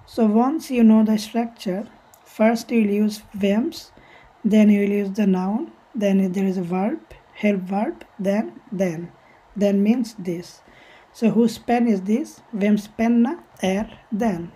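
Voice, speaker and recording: A woman's voice: medium pitch, slow, dark tone, breathy edge, rough recording. A woman teaching a language lesson step by step, patiently repeating each example and translating it, sometimes correcting herself.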